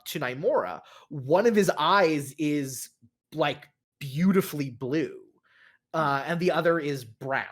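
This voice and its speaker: A man's voice: a little high, a bit bright. A man narrating a tabletop role-playing game as game master, rambling with many fillers and restarts.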